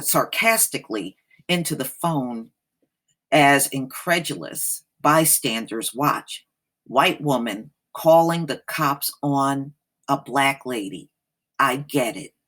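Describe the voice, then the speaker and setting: Slow, sassy woman commentator. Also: a bass voice, a bit bright. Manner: sassy, blunt, slangy. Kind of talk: casual reaction commentary.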